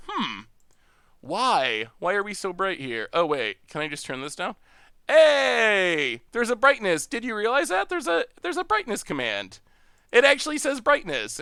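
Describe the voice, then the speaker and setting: A man's voice: high voice, sharp tone, smooth, no room sound, clean studio sound. A man with an upstate New York accent hosting a live stream, chatting and thinking aloud as he plays a card game and laughing often. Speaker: stream host. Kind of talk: live-stream gameplay commentary.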